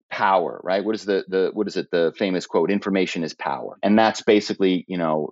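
A man guesting on a podcast, telling stories in a lively way with lots of "you know" and "right?". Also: fairly low pitch, dry recording, muffled recording. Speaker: podcast guest, former corporate spy and author. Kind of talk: animated storytelling in conversation.

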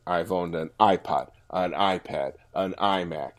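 A man riffing as a comedy panelist, with boastful and self-deprecating jokes. His voice is lowish and his delivery is unhurried. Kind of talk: comic improv answers.

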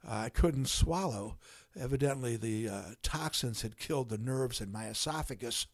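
An older man, a guest on a podcast, telling a long story in an unhurried way with many pauses and some dry humor. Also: medium pitch, dry recording. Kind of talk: casual storytelling in a podcast conversation.

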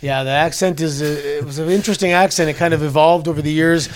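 Guest interview voice: man in his forties, from Canada, a bit high-pitched, rambling anecdotes. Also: steady tone, fast talker, slight background noise. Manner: chatty storyteller with many restarts. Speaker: guest, former wrestler. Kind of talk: casual interview chat. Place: wrestling convention in New York.

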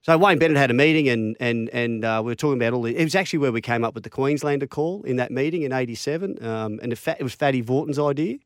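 A middle-aged Australian man, a former rugby league player, telling lively stories in casual chat and acting out the quotes. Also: fast, few pauses, dry recording, clean studio sound. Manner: animated yarn-spinner, acts out quotes with big pitch jumps.

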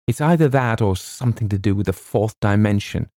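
A man's voice: lowish voice, brisk, mellow, no room sound, clean studio sound, natural voice. A man voicing a fretful young bachelor writer who talks in an earnest, anxious way.

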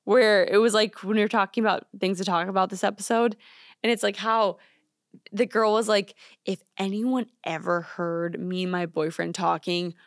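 A woman's voice: mid-range voice, level tone, normal speed, no echo, studio quality. A young woman co-hosting a podcast, chatting casually and giggling, with lots of "like" fillers. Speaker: podcast co-host. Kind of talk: casual chat. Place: studio.

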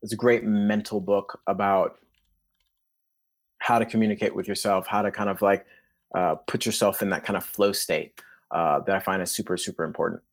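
A man's voice: on the low side, moderate pace. A man, a tennis coach, talking casually as a podcast guest in a loose, rambling way. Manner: relaxed, rambling, acts out inner voices.

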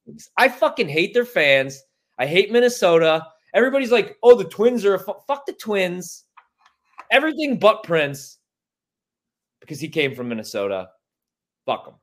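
A man from Chicago hosts a casual sports talk show, profane, animated, and opinionated, swearing freely as he voices strong views. He is a sports radio host with a high voice who speaks at normal speed with long pauses.

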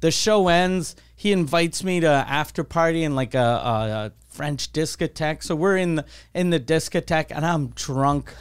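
A man hosting a podcast, telling a story in a casual, animated and profane way, acting out the voices of the people he quotes. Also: on the high side, moderate pace, hardly any pauses, clear, resonant tone. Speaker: podcast host.

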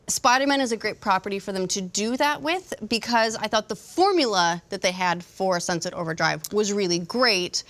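A woman's voice: medium pitch, fairly bright tone. A woman co-hosting a casual gaming podcast, chatty, with lots of fillers and restarts. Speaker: podcast co-host.

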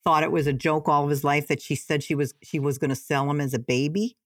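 A middle-aged woman from Michigan in casual chat, telling lively stories and acting out quotes in raised voices. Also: low voice, fast, no room sound, studio quality. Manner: animated storyteller, acts out quotes in raised voices.

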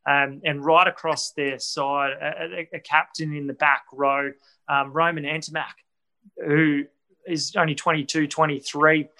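Man, rugby pundit, bright tone, eager analysis. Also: a little high, rough recording. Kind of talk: studio sports discussion.

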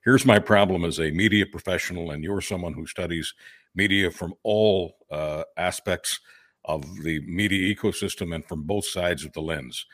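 A man's voice: low voice, moderate pace, a bit bright, no room sound, clean studio sound. A man co-hosting a podcast, brash and punchy in delivery. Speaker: co-host. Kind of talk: podcast talk.

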